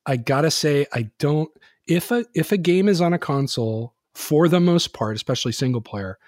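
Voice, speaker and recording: A man's voice: fairly high pitch, animated, moderate pace, darkish tone, no room sound, clean studio sound. A man hosting a podcast, chatting casually and rambling with lots of fillers. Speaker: podcast host. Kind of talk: casual chat.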